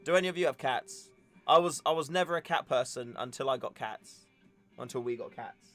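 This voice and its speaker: A man's voice: mid-range voice, brisk, fairly bright tone. A young man hosting a casual livestream, chatting and joking in a rambling way. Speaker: livestream host. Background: faint music.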